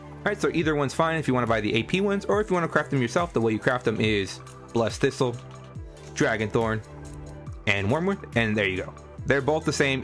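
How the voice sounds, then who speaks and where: An enthusiastic man talks through a game build guide in a casual voice-over. His voice sits in an ordinary middle pitch, and he chuckles often. Quiet background music plays under him. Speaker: gaming content creator.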